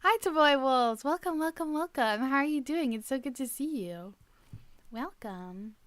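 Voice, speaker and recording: A woman's voice: high-pitched, lively intonation, a little slow, no echo. A woman streaming a game, chatting casually and playfully with her chat and laughing often. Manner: playful and giggly, greets chat warmly. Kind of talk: casual live-stream chat while gaming.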